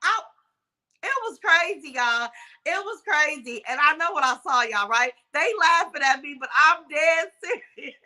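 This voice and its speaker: Older woman, casual livestream chat, high voice, real bright and lively storytelling. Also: moderate pace, poor audio. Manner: animated storytelling, swears, laughs often. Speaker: livestream host.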